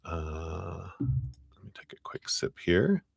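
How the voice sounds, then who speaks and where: A man's voice: deep voice, very animated, slow pace, gravelly, breathy edge, no echo, clean studio sound. A man hosting a live tarot stream, chatting casually with viewers and reading cards in a rambling way full of fillers and easy laughter. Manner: chatty and rambling, many "you know" fillers, laughs often. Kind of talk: casual livestream chat and card reading.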